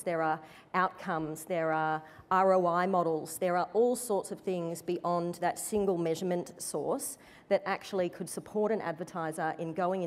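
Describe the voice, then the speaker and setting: A woman executive speaking on a conference panel, in a measured, careful corporate manner. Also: lowish voice. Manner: measured, corporate, careful to avoid direct answers. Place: conference stage before an audience. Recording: reverberant conference hall.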